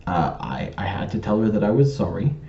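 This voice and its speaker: A man with a low, mellow voice rambles through a personal story, stopping to correct word choices and restarting his sentences. The recording sounds roomy and a little dull. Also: very animated, a little fast, creaky. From Canada. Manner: pedantic, digressive, with many ums and restarts. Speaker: vlogger telling a personal story. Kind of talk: casual storytelling to camera.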